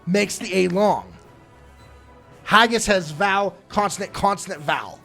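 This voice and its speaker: A man's voice: high-pitched, measured pace, gravelly, soft background music. A man co-hosting a tabletop game show as the game master, chatting casually with a dry, teasing manner. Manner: teasing, dry, relaxed banter. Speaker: podcast co-host and game master. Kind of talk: casual chat.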